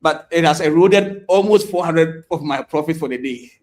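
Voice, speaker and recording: A man talks through his live trades in a casual, chatty way, laughing often and repeating himself as prices move. His voice sits a little high for a man. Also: moderate pace, a little mellow. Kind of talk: live trading commentary, casual.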